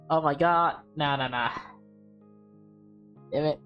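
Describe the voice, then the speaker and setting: A woman's voice: low-pitched, takes it slowly, pauses often, a bit bright, faint music behind. A young woman streaming a visual novel, reading it aloud and reacting emotionally with laughs. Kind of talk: casual let's-play reading and reactions.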